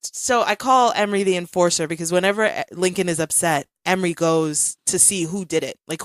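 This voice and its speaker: A woman in her thirties hosts a casual podcast chat, telling a family story with lively swings and quick laughs. Her voice sits a little low. The sound is close and dry. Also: no echo. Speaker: podcast host.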